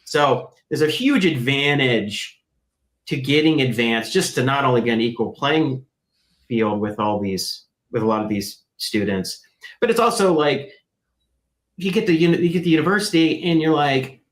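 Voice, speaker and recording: A man as an interview guest, telling a story in a lively conversational way and acting out quoted voices. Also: medium pitch, normal speed, roomy sound, poor audio. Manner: animated, acts out quoted voices. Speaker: guest, math program founder.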